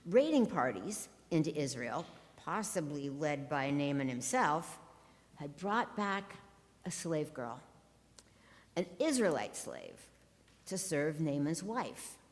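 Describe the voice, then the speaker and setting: A woman's voice: low voice, sing-song, takes it slowly. A woman pastor preaching a sermon from the pulpit, with wry, sarcastic asides. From Ohio. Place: church sanctuary. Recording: long church reverb.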